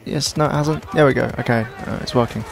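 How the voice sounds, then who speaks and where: Young male gaming commentator, tired and hoarse, gravelly, self-deprecating rambler. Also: mid-range voice, fast, a little hiss or hum. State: hoarse, sore throat. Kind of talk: casual gameplay commentary.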